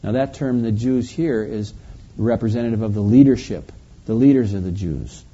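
A man preaching, reading scripture aloud slowly and then explaining it in a conversational way. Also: on the low side, dark tone, breathy edge. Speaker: pastor. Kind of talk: verse-by-verse Bible teaching. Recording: dull lo-fi recording.

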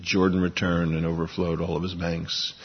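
A man preaching a sermon, reading scripture slowly and building to emphatic bursts. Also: deep voice, monotone, breathy edge. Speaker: pastor. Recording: dull, lo-fi with long hall reverb.

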